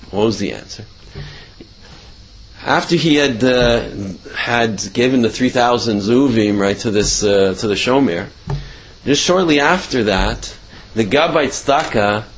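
A man's voice: mid-range voice, a little hiss or hum. A man telling a religious story in a talk, loose and conversational with many restarts.

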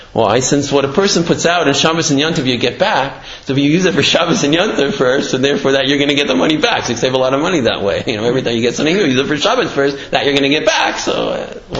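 Man giving a halting Torah class, echoey. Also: mid-range voice, fairly bright tone. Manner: informal, halting, many fillers and restarts. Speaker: Torah teacher. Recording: echoey room, slightly muffled.

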